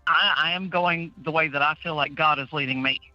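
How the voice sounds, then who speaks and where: A woman's voice: low voice, brisk, pushed and bright, faint music behind. Outspoken woman caller on a phone line. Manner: outspoken, laughs easily. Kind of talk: casual call-in chat. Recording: dull dry phone line.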